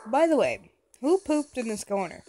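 A woman's voice: fairly high pitch, sing-song, moderate pace, warm tone, a little hiss or hum. A woman playing a horror game and commenting along, chatty and jokey, talking back to the characters on screen. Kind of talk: let's-play commentary.

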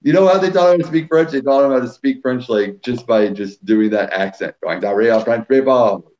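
Quebec man, host, playful ribbing, mid pitch, muffled lo-fi stream sound. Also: fairly quick, a little mellow. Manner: teasing, jokey, reads out viewer names. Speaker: host of a live whisky stream. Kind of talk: casual live-stream banter.

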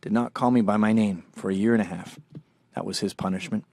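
A man in his forties hosting a show, telling profane comedic stories and jumping between low mumbling asides and sudden loud outbursts. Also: fairly even intonation, brisk, no room sound, studio quality. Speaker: show host.

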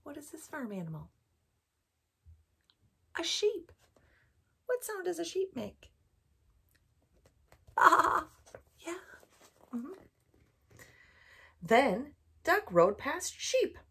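A woman storyteller reading a picture book aloud for a bedtime program, gently asking children questions as she goes. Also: sits high, sing-song, extremely slow, gravelly, long pauses.

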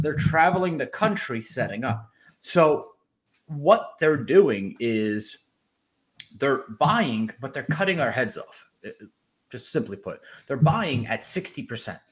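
A man's voice: a little high, expressive, measured pace. A man on a casual podcast, earnestly explaining his views as a sports card collector.

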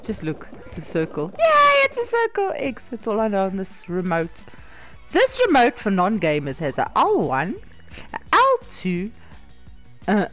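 A hoarse woman giggling, swearing and shrieking with excitement through her let's-play commentary, over faint game music. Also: mid-range voice. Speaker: gamer.

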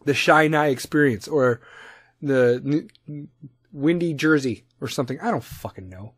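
A man with a Chicago accent giving a casual, profanity-laced shout-out on his podcast, rambling loosely and laughing at himself. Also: a little high, a little slow, husky, no echo, clean studio sound. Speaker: podcast host.

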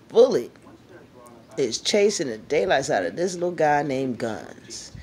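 A chatty woman narrates a home video of her dogs, laughing and cooing at them. Her voice is low and swings widely in pitch, and she talks unhurriedly. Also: sing-song, unhurried, a crowd in the background. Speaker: dog owner filming her pets. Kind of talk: casual home video commentary.

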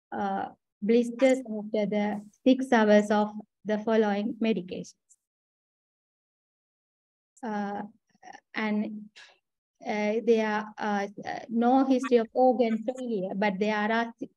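A woman's voice: fairly high pitch, mellow, dry recording. Hesitant Sri Lankan woman, dull recording. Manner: hesitant, many fillers and restarts. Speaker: trainee doctor presenting a case. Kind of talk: clinical case presentation.

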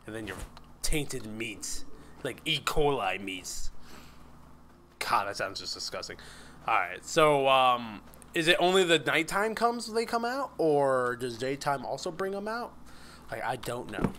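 A man's voice: mid-range voice, sing-song, unhurried, sharp tone, a little hiss or hum. A young man casually narrating a video game, rambling, swearing and yelping when startled. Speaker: gaming YouTuber. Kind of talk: casual let's-play commentary.

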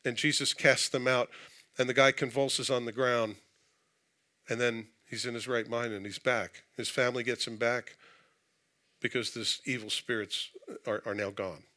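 A man preaching to his congregation in a church, his voice bright and forceful. He reads scripture and then breaks into casual, joking asides. His delivery stays conversational throughout. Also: medium pitch, steady tone, normal speed. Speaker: pastor. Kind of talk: sermon. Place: church sanctuary.

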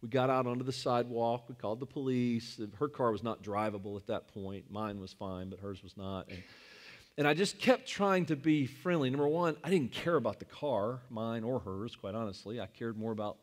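A pastor delivering a sermon with an easygoing, conversational touch. He tells a personal story in plain everyday speech, with the occasional "um" and "you know." His voice sits at an ordinary middle pitch for a man. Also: fairly even intonation, normal speed.

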